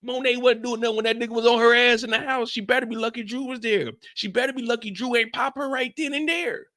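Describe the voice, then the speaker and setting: Chatting quickly in a very high voice, a man hosts a live reaction stream. He's animated and casual, going back over his lines and acting out quotes.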